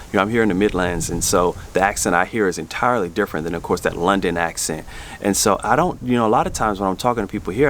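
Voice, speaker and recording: Middle-aged man with a lowish voice, loose rambling delivery, family vlogger talking to camera. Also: slight background noise. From Southern US. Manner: rambling, with many restarts and fillers. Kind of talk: casual chat to camera.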